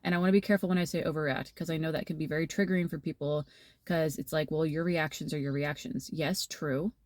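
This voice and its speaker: A woman's voice: fairly low pitch, darkish tone, no echo. A woman talking through a channeled tarot message to her viewers, rambling and casual with lots of fillers and everyday analogies. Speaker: tarot reader.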